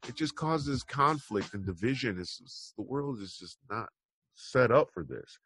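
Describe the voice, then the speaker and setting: A man's voice: medium pitch, expressive, unhurried, a bit bright, slight background noise. A man hosting an online news show, talking casually and rambling through his opinions with wry asides. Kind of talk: casual commentary on news headlines.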